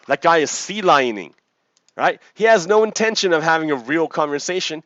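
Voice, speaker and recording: A man hosting a casual commentary vlog, talking in an animated way and often checking in with "right?". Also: a little high, normal speed, dry recording, dull audio. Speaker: vlog host.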